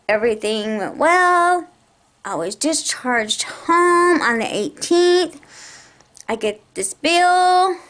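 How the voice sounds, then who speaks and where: A woman ranting to camera, her voice raised and exasperated as she tells her story. Her pitch sits a little high and swings widely. She talks slowly and deliberately, leaning on each point. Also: fairly bright tone. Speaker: vlogger. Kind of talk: angry personal rant to camera.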